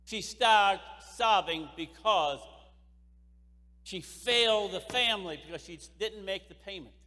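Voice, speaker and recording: This man's high voice sounds pushed and bright, though his pace stays measured. As keynote speaker at a sales convention, he delivers a passionate motivational address built on repeated phrases, recorded with echoey hall reverb.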